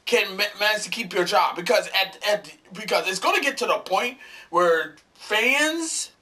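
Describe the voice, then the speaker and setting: In an angry football rant, a sports fan vlogger curses his team repeatedly, going over the same points and getting tongue-tied. He speaks unhurriedly in a high, bright, forceful voice with lively intonation.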